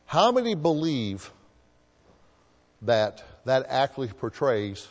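A man preaches to his congregation, asking them to fill in the verses and answer back. His voice sits at a middling pitch and rings out with long reverb, as in a church sanctuary. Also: very animated, unhurried. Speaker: pastor. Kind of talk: sermon.

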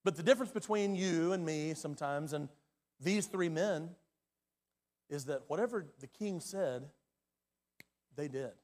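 High-voiced preaching pastor in a reverberant hall. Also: male voice, a little slow, long pauses. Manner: dynamic preaching, swings from loud to hushed. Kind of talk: sermon. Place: church sanctuary.

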